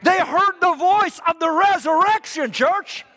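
A man preaching a fervent sermon in a church, repeating his lines and swinging from loud to hushed. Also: extremely high pitch, a little slow. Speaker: pastor. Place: church hall. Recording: long hall reverb.

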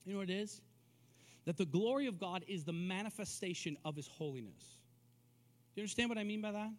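Man preaching with a high voice. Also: animated, fairly quick. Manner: repeats words when building emphasis, rising to forceful declarations. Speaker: pastor. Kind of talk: sermon. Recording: long reverb of a hall.

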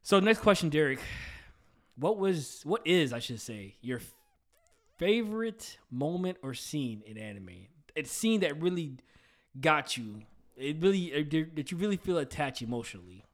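A relaxed young adult man hosting a casual podcast conversation. His voice sits a touch higher than most men's, and he talks loosely, leaning on "like" and "you know" as he goes. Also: normal speed. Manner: laid-back, lots of "like" and "you know". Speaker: podcast host. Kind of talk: casual chat.

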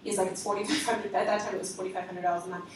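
A woman leader giving a lively spoken testimony to a congregation, acting out the conversations she recounts. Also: mid-range voice, racing, a little hiss or hum. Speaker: ministry leader. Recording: echoey hall from far off.

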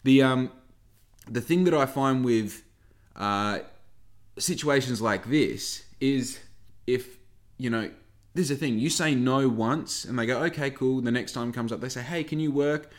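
Brief: guy in his thirties, mid-pitched, loose and sweary solo podcast talk. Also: unhurried, pauses often. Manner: sweary, rambling, colloquial. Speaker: podcast host. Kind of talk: casual monologue.

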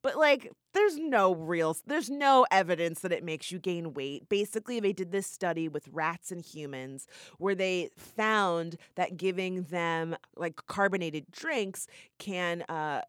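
A woman co-hosting a podcast in casual chat, animated and laughing, her voice jumping high when she gets excited. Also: unhurried, few pauses, smooth, no room sound, studio quality. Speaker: podcast co-host.

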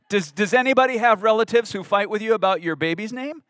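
Pastor guy preaching, kinda high voice, gets animated, dry close sound. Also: quick pace, few pauses, no echo. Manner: expressive preaching with rising emphasis and asides. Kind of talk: sermon.

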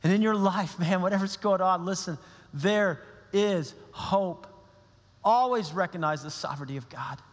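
A male pastor delivers an impassioned sermon in a church, his voice sitting high for a man. He builds to emphatic, stirring declarations. The sound carries a long reverb from a large hall. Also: normal speed.

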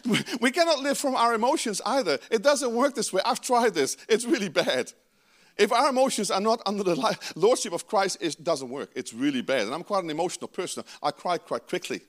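A Dutch-accented man preaches a sermon in a lively, emphatic way. His voice sits high for a man and leaps up and down with every point. He talks straight to the congregation, breaking off into asides. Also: fairly quick. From Netherlands. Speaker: pastor.

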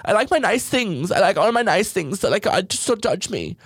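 A man mocking a vain, materialistic young woman in a high, airy voice. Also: very animated, a little fast, a bit bright, slightly rough, no echo, full character voice.

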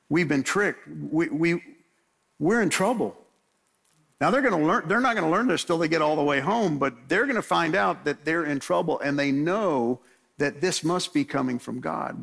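A man's voice: fairly high pitch, creaky, fairly bright tone. A man preaching an expository sermon in a casual, conversational way, briefly voicing the people in the story. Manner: conversational, acts out biblical characters' voices.

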